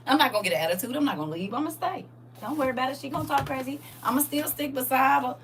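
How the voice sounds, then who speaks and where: A woman hosting a live-streamed Bible study, preaching in a lively, playful way and answering viewers' comments. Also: high voice, fast talker, slight background noise.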